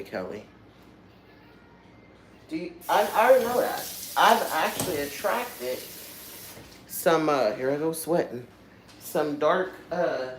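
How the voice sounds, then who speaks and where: With a low-pitched voice and a bit of hiss or hum on the audio, this woman hosts a livestream full of casual storytelling. She's frank and earthy, swears a lot, and lets her asides trail off.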